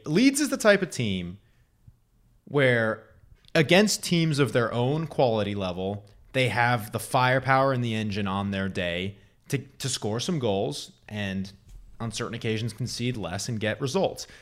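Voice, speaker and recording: Young guy, low voice, laid-back sports chat, jokey, laughs a lot. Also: a bit bright. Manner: joking, storytelling, laughs often. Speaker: podcast co-host.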